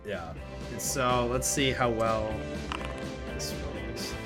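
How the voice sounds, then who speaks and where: A man's voice: medium pitch, slow pace, over loud music. A young man narrating as game master of a tabletop game, chatty and laughing often.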